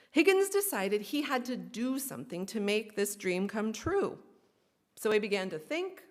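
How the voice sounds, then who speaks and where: A woman minister telling a story for all ages during a worship service, expressive and gently inviting. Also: medium pitch, moderate pace.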